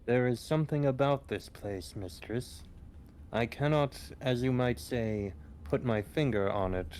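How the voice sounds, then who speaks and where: An actor playing a polite male robot servant in a video game, speaking in a formal, measured way. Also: medium pitch, darkish tone, clean tone, close to an everyday voice. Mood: puzzled.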